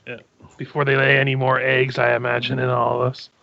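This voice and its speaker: Gravelly guy rambling through his turn, dry lo-fi audio. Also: mid-range voice, monotone, brisk, sharp tone. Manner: rambling, full of "like" fillers. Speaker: player. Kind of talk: casual tabletop play.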